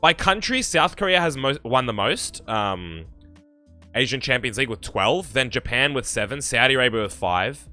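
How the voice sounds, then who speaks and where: A man's voice: mid-range voice, animated, moderate pace, pushed and bright, faint music behind. A young Australian man with an Australian accent, chatting on a live game stream and reading viewer comments aloud in a rambling way. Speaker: gaming streamer.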